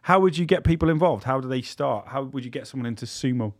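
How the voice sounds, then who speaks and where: Chatty Welsh-raised podcast host, dry sound. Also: male voice, medium pitch, expressive, fast talker, no echo. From Wales. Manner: chatty, jokey, enthusiastic. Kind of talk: casual podcast chat. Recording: dry close-miked studio sound.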